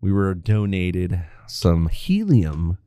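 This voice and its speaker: Relaxed male co-host, expressive pitch, dry close mic. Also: slow, no echo. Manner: laid-back storyteller, swears freely. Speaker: podcast co-host. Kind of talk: casual chat.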